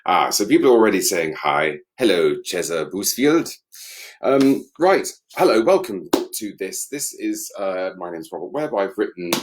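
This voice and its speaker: A man's voice: low-pitched, slight background noise. A middle-aged English man talking alone on a home livestream about his book, dry and self-mocking. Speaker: author on a live book event. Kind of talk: casual solo livestream chat.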